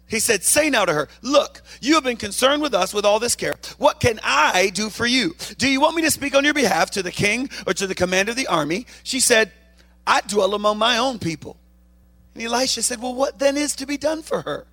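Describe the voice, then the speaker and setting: A man preaching a lively sermon to a church congregation, reading scripture and making playful asides, with a loud, animated delivery. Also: very high-pitched, fairly quick. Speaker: guest preacher.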